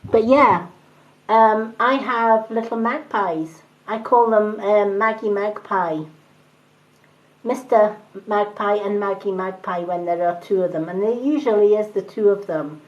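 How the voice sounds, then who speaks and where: A middle-aged woman giving a gentle, chatty spiritual talk to viewers on a live stream. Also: mid-range voice, a little slow, muffled recording. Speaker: tarot reader on a live stream.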